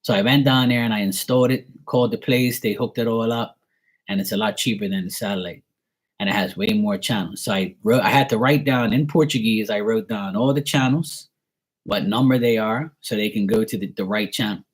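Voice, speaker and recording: A man's voice: lowish voice, steady tone, a little fast. A man in his forties from Bermuda, telling a personal story in a rambling, blunt, heavily profane way with many fillers. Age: 40s. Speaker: tarot reader streaming live.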